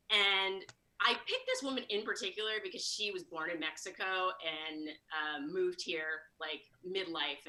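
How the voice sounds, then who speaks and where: A woman comedian from Chicago telling a story at a fast, high-energy clip, acting out the quoted lines. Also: sharp tone, rough recording. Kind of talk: live storytelling monologue.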